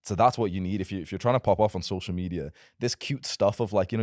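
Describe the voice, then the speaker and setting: Deep-voiced, fast-talking blunt young man. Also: darkish tone, no echo, studio quality. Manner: blunt, emphatic, provocative. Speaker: self-improvement content creator. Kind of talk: casual podcast conversation.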